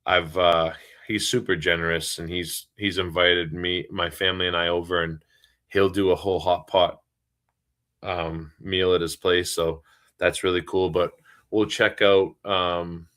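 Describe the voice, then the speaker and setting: A man's voice: deep voice, little pitch movement, unhurried, fairly bright tone. A middle-aged man, co-hosting a livestream in casual, rambling chat full of fillers. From Boston area, US. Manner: easygoing, rambling, many fillers. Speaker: livestream co-host.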